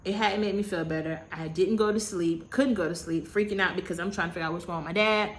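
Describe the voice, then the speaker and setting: Animated woman in her thirties, telling a storytime. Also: fairly low pitch, fast, background noise. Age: 30s. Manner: animated, dramatic retelling with repetition; slangy, self-mocking. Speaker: vlogger. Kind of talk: casual storytime.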